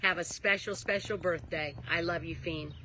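A woman's voice: fairly low pitch, steady tone, normal speed. A woman giving a heartfelt birthday message to her daughter-in-law, from prepared words. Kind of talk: recorded video message.

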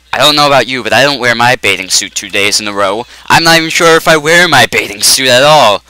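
Goofy excitable man with a bright voice. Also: mid-range voice, clean tone, no room sound, rough recording. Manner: goofy, excitable, yells and jokes at the game. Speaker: let's play commentator. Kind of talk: casual gameplay commentary.

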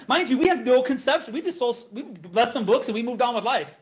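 Young man, high voice, church testimony, lively storytelling with quoted dialogue. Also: fast, few pauses. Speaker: speaker giving a testimony. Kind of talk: testimony sermon.

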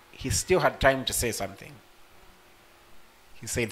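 Guy preaching, bright ringing voice, gets loud and intense, talks right to the crowd. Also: mid-range voice, measured pace, long pauses, slightly rough. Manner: preaching with sudden loud emotional peaks; speaks directly to the congregation. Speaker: pastor. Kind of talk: sermon.

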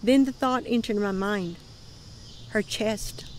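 A woman reading her dream account aloud in a calm voice that often drops to a murmur. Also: medium pitch, slow. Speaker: ministry dream teller.

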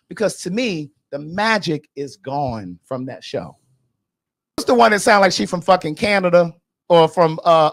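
A man hosting a podcast, giving blunt, sassy, gossipy commentary in a casual chat. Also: high-pitched. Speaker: podcast host.

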